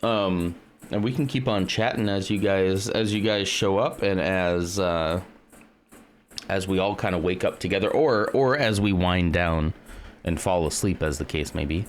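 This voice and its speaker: A man's voice: deep voice, unhurried, a little hiss or hum. A man from the United States hosting a live stream, chatting casually and greeting viewers by name. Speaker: livestream host.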